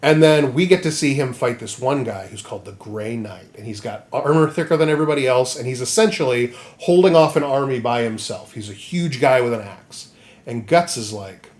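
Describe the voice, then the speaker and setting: A man co-hosting a comedy podcast, retelling a story with lively jokes and goofy voices. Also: medium pitch, normal speed. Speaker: podcast co-host. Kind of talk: comedic casual chat.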